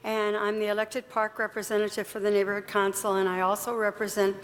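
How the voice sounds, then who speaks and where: A woman's voice: medium pitch, monotone, fairly quick. Chatty woman addressing a city council. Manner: chatty, apologetic. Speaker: neighborhood council park representative. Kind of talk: public comment at a council hearing. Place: large city council chamber. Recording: reverberant council chamber.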